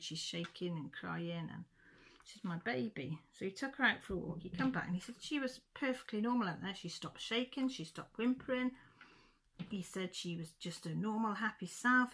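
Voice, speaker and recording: A woman's voice: fairly low pitch, vocal fry, a bit bright. A middle-aged woman telling a rambling, chatty story about her pets in a casual vlog. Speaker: craft vlogger. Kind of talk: casual chat.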